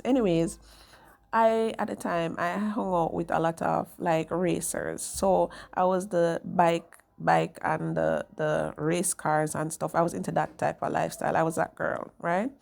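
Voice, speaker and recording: Gravelly-voiced woman with a lilt. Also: lowish voice, moderate pace, a little mellow. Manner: candid, chatty, often tags "right?". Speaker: vlogger. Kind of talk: personal storytelling.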